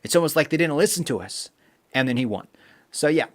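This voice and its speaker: A man's voice: fairly high pitch, lively intonation, brisk, a bit bright. Chatty young man reading comments. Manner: chatty, reads viewer comments aloud, rambling with fillers. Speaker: livestream host. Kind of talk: casual live-stream chat.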